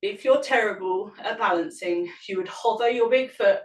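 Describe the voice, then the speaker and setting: A woman's voice: medium pitch, expressive, quick pace, few pauses. A woman yoga teacher leading an online class, cueing poses and breaths and explaining as she moves, a little out of breath. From England. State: slightly out of breath. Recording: echoey room, mic at a distance.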